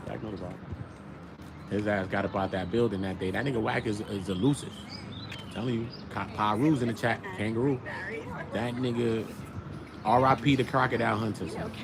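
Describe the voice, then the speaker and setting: Man, New York accent, slangy riffing commentary host, lively up-and-down voice, noisy recording. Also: on the low side. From Brooklyn, New York. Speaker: show host. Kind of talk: casual commentary.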